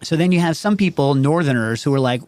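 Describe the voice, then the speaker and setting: A man's voice: fairly high pitch, expressive, quick pace, darkish tone, no echo. A man hosting a casual call-in show, rambling and digressive, constantly asking "you know what I mean" as he talks. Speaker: show host.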